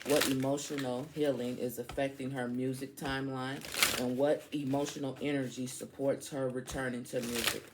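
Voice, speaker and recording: A woman's voice: very deep voice, flat delivery, normal speed, heavy background noise. A woman giving a casual spoken tarot reading. She is outspoken and slangy, and she talks straight to her listeners. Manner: chatty, addresses listeners directly. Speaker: tarot reader.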